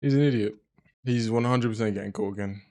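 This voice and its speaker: A man reacting to a film in casual, animated commentary. He swears freely and talks in a lowish voice. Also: fast, soft background music. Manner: animated, swearing, laughing at scenes. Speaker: movie reactor.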